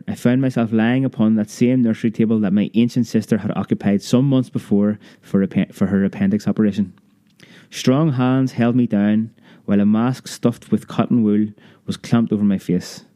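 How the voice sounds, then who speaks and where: A man narrating a memoir audiobook in a measured, vivid storytelling manner. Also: fairly low pitch, dark tone, dry recording.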